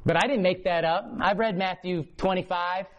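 A man preaching a sermon testimony, impassioned, swinging from a low hush to loud emphasis. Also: steady tone, normal speed, dull audio. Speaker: prison ministry preacher. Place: hotel or church meeting room before a congregation.

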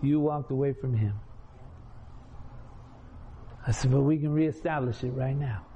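A man's voice: mid-range voice, a little fast, warm tone, slight background noise. A man preaching a testimony, telling his story in a folksy, colloquial way and acting out the conversations. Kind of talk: preaching testimony, story told with quoted dialogue. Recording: dull lo-fi recording with faint room ambience.

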